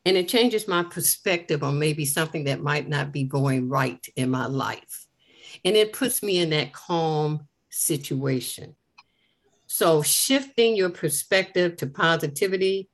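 An older woman speaks in a low, unhurried voice, giving an inspirational devotional talk. She is earnest and leans on repetition, saying key phrases again and again for emphasis. Her pacing is deliberate and measured throughout. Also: expressive.

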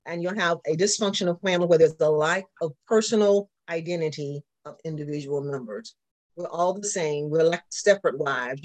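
A man's voice: on the high side, darkish tone. A man with a Southern accent, teaching a church class and asking the group questions as he goes. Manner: repetitive, asks the class questions. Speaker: pastor.

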